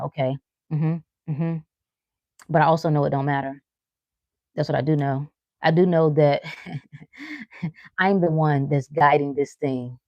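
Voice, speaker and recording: A woman's voice: deep voice, unhurried, pauses often, darkish tone, no room sound, highs cut off. A woman hosting a live stream, giving an earnest motivational talk and repeating affirmations. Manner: earnest, repetitive affirmations spoken aloud. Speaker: host of a live stream answering chat.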